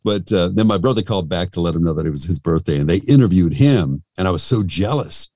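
A man's voice: low voice, animated, fast, dark tone, dry recording, studio quality. A middle-aged man who works in radio and voice-over, telling stories in a rambling, self-deprecating way with lots of restarts. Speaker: radio host and voice actor. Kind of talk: casual interview storytelling.

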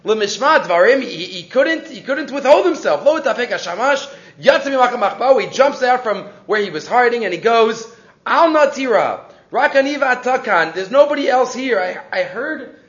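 Animated high-voiced man teaching Torah. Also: normal speed, reverberant, highs cut off. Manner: animated storytelling, mixing Hebrew and English, frequent restarts. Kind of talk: weekly Torah class.

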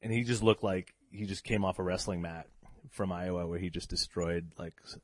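Laughing storyteller man, low voice. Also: moderate pace, dry recording, clean studio sound. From New England. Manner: animated, laughing, acts out quoted voices. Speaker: guest, event emcee. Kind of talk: casual storytelling.

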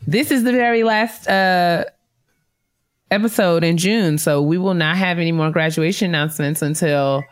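Low voiced woman cohost reading listener shout-outs, laughs easy. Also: moderate pace, clean tone. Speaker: podcast co-host. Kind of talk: casual chat, reading listener emails.

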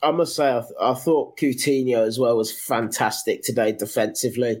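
A man's voice: medium pitch, brisk, darkish tone. A man co-hosting a casual football podcast, enthusiastic but hesitant, often restarting his phrases. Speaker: podcast co-host.

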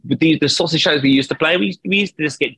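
Guy rambling thru a story on a video call, bright voice, dry sound, laughs a lot. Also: on the high side, fast talker, slightly rough, no echo. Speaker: band vocalist, guest. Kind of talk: casual interview over video call.

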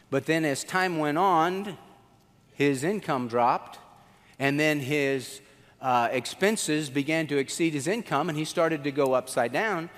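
A male pastor preaching a sermon in an animated, conversational storytelling manner. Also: a little high. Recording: long hall reverb.

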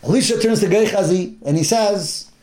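High-voiced man teaching a Bible story. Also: normal speed. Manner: animated retelling with acted-out quotes and Hebrew terms. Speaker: Torah teacher. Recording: roomy echo.

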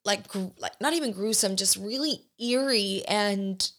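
A woman's voice: mid-range voice, unhurried, fairly bright tone. Young woman podcaster, casual catch-up chat, rambling delivery with fillers and restarts. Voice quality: chatty, many fillers and restarts. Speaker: podcast host.

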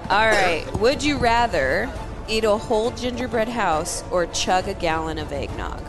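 A woman's voice: mid-range voice, animated, measured pace, music in the background. A woman co-hosting a casual chat, reading quiz questions in a teasing way. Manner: teasing, laughs easily. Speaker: podcast co-host.

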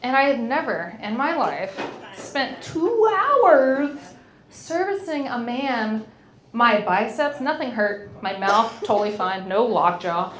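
A woman's voice: fairly high pitch, big pitch swings, slow, a bit bright. A young woman hosting a podcast, chatting candidly and frankly, swearing freely and laughing often. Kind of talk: candid casual chat. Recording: roomy echo.

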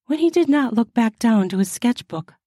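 A woman hosting a podcast, reading erotic fiction aloud in a slow, soft, intimate way. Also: a little high, animated, no room sound, studio quality.

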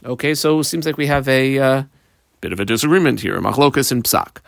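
A man's voice: medium pitch, quick pace, vocal fry, no room sound, clean studio sound. A man teaching a line-by-line Talmud lesson, methodically translating each phrase and marking up his text as he goes.

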